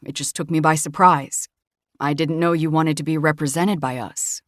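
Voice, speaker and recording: A polite, apologetic man, measured and courteous, as a woman narrator reads him. Low in pitch and recorded dry. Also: steady tone, no room sound, close to an everyday voice.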